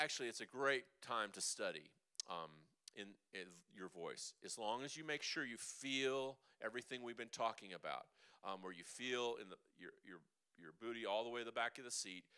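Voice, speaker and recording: Lively chatty male vocal coach. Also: lowish voice, clear, resonant tone. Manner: lively and chatty, demonstrates sounds. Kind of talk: teaching a vocal seminar. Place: church hall.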